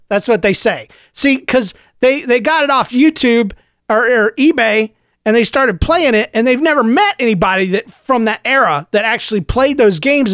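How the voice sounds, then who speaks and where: A middle-aged man hosting a solo podcast, mock-ranting tongue in cheek in a low-key, unhurried way. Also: a bit bright, dry recording, clean studio sound. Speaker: podcast host.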